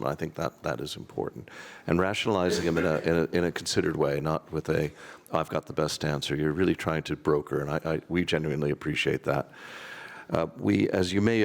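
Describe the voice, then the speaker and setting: A man speaking on a conference panel, rambling and wry with dry self-deprecating jokes. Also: rumbling low.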